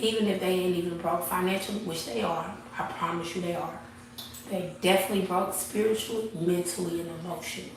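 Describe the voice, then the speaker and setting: A woman's voice: medium pitch, distant mic, slight background noise. A woman gives an emphatic, preachy motivational talk on a livestream from her barber shop. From Texas. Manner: preachy and emphatic, repeats phrases. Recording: echoey room, off-mic.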